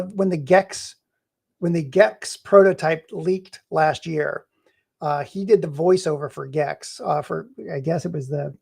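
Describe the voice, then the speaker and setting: A man's voice: fairly high pitch, creaky, darkish tone, breathy edge. A middle-aged man chatting casually and rambling while he plays a game on a live stream, laughing often and hiccuping.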